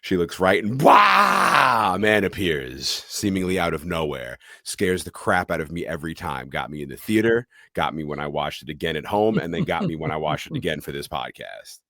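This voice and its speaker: A man's voice: rumbling low, expressive, brisk, hardly any pauses, fairly bright tone, no room sound, clean studio sound. A man co-hosting a podcast, recapping a movie scene by scene in a blow-by-blow narration. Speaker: podcast co-host.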